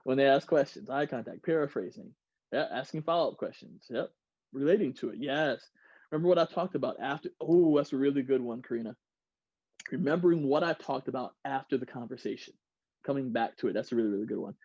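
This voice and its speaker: A man giving an energetic online workshop, reading out audience replies and laughing often. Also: medium pitch, quick pace, no room sound, dull audio. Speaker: workshop speaker. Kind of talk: interactive online workshop talk. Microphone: video call.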